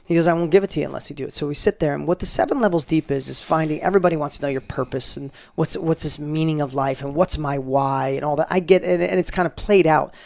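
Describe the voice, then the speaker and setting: A man's voice: on the high side, fast, creaky, hardly any pauses. A middle-aged man, a guest in an interview, telling a personal story emphatically and acting out the dialogue. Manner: emphatic, animated, acts out quoted dialogue.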